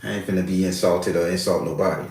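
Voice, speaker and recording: A man's voice: low voice, fast. A middle-aged man, a spiritual worker and host, telling a story in a casual, profane, streetwise manner. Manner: profane, animated, streetwise slang. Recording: very echoey room.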